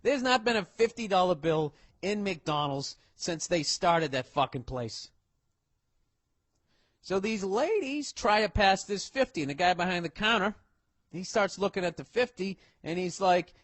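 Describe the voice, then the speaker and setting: A man performs stand-up on stage, telling a profane story loud and fast with plenty of swearing. His voice sits high and husky, and it is picked up by a stage microphone with a dry, close sound. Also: animated, dry recording. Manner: loud, swearing, acts out characters. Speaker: stand-up comedian.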